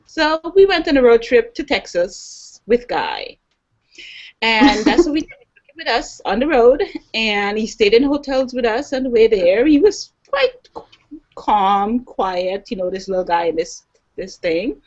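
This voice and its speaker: A woman guest on a panel, telling a story in a casual, animated way. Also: fairly high pitch, a little slow. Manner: animated, acts out quoted voices. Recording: dull online video call audio.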